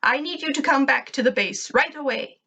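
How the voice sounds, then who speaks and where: A woman putting on Zim, an impatient little alien invader who pushes and insists in quick, clipped bursts, pitched higher than her reading voice. He sounds eager and bossy, like a cartoon alien. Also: pushed and bright, muffled recording. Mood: insistent.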